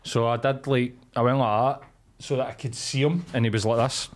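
A young Scottish man telling a story on a casual podcast. He swears freely and slips into little voices for the people in the tale, in an animated, chatty way. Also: medium pitch, normal speed, background noise. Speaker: podcast co-host. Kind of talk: casual chat.

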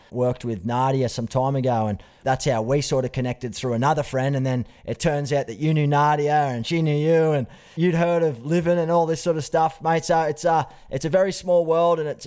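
A young Australian man hosting a podcast, earnest and chatty, calling his guest mate. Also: mid-range voice. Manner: warm, earnest, says mate often. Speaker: podcast host. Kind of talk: casual podcast interview.

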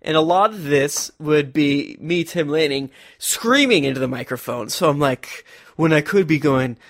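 Animated man playing a tabletop character. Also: on the high side, moderate pace. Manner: animated, laughing often, shifts into character. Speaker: player. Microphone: close to the microphone.

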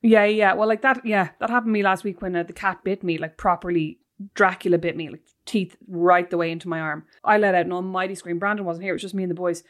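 Fast-talking animated woman podcaster. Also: lowish voice. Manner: animated, tells stories with lots of "like". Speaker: podcast co-host. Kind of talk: casual chat.

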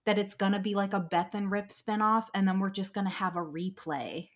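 A woman's voice: mid-range voice, steady tone, brisk. An American woman co-hosting a podcast in a casual chat, emphatic and gushing, restarting her sentences often. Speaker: podcast co-host.

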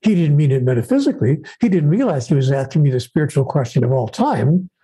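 A man with a slightly high, warm voice that is deeply husky and breathy. He speaks about spirituality as an interview guest. His delivery is measured and emphatic, and he stacks phrases into rhythmic lists. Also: animated, poor audio.

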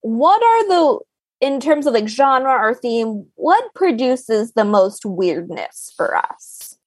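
A woman's voice: on the high side, sing-song, slow, no echo. A woman co-hosting a book podcast, chatting casually and hesitantly, with lots of fillers and giggles. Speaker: podcast co-host.

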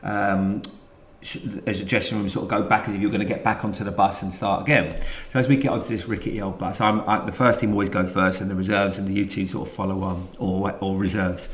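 A middle-aged man with a London accent, a guest telling rambling, animated stories in a casual interview. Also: fairly low pitch, quick pace, roomy sound, slight background noise. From England. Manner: rambling, animated anecdotes with many restarts. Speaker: guest, former footballer.

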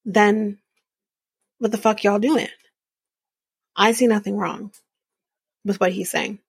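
A woman's voice: medium pitch, fairly even intonation, takes it slowly, vocal fry, husky, dry recording. A woman in her early thirties hosting a podcast, giving a blunt, profane, opinionated casual recap of a reality show. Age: early 30s. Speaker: podcast host.

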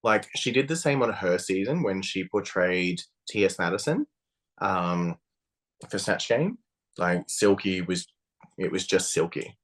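A man co-hosting a podcast, chatting casually in a blunt, sweary and animated way. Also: sits low, a little slow. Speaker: podcast co-host. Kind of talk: casual chat.

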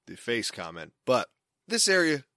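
A man's voice: mid-range voice, huge pitch swings, moderate pace, pushed and bright, dry recording, studio quality. A young man telling a casual, rambling story, often stopping and restarting mid-sentence. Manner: rambling, self-interrupting storyteller.

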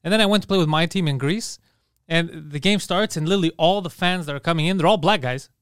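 A man's voice: on the high side, fast, a bit bright, clean tone, dry recording, clean studio sound. A young man co-hosting a casual podcast, telling stories animatedly and laughing often. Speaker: podcast co-host.

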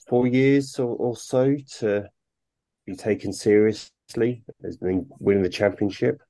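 A man's voice: sits low, mellow. A man appearing as a podcast guest, thoughtful and explanatory in casual chat.

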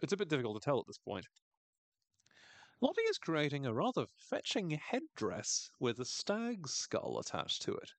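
A man recaps a TV episode on his podcast in casual, wry chat, laughing frequently and quoting characters in funny voices. His voice is a little high with wildly swooping pitch at a normal speed, recorded dry.

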